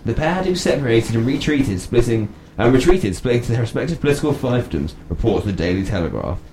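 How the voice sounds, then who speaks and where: A young man hosts a casual comedy podcast, playful and quick to laugh. His pitch swings up and down a lot as he jokes, and a faint hiss sits under the recording. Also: animated, dark tone. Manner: playful, laughs often, jokey asides. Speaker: podcast host.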